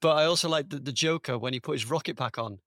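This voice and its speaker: A man's voice: fairly high pitch, fast talker, a bit bright, no echo, studio quality. Enthusiastic man sharing favorite movie bits. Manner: enthusiastic, laughs mid-sentence. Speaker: podcast co-host. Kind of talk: casual film-review chat.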